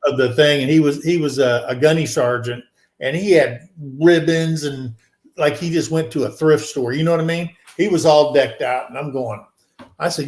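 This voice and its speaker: A man's voice: a little high, normal speed. A man in his sixties, co-hosting a show, telling a rambling story and acting out the people in it with a raised voice. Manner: animated, acts out quoted people in a raised voice; rambling with many fillers and restarts. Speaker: podcast co-host. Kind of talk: casual storytelling. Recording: echoey room.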